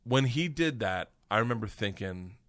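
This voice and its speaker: A middle-aged man, a comedian guest, telling an animated story with lots of swearing and high-pitched quoted voices. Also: moderate pace. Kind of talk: casual storytelling.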